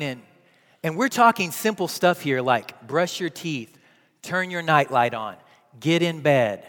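A man in his thirties preaching a sermon as a pastor, telling a family story and moving between hushed softness and loud, pleading prayer. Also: a little high, in a large hall.

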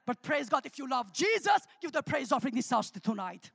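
Woman guest preacher, gravelly edge, playful with the congregation, reverberant church hall. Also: high-pitched, fairly quick. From Armenia. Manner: humorous, animated, calls out to the congregation. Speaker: guest speaker. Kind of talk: sermon with testimony.

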